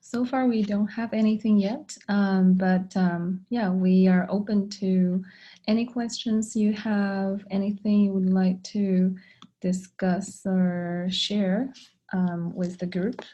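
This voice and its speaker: Slow, hesitant woman moderating a call. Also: mid-range voice, fairly even intonation, warm tone. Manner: hesitant, lots of ums. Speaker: group moderator. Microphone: video call microphone. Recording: dull lo-fi call audio.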